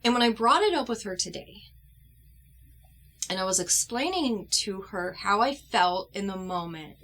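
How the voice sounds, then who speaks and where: Woman vlogger, mid-pitched, earnest, heartfelt personal storytelling, halting restarts. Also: expressive, fairly bright tone. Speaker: doll collector vlogger.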